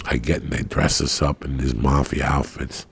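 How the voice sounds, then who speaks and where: Gravelly deep-voiced man telling stories. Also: moderate pace, dry recording. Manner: profane, animated storytelling with shouted quotes. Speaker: podcast guest, comedian. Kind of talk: casual storytelling.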